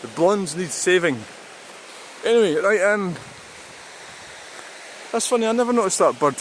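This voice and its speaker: A Scottish man rambles to his camera while walking outdoors, his voice slightly high for a man. He talks casually and swears now and then. A clear, rushing stream runs under everything he says. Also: expressive, slight background noise. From Scotland. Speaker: vlogger. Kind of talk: casual walking vlog talk. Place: outdoors by a river and waterfall.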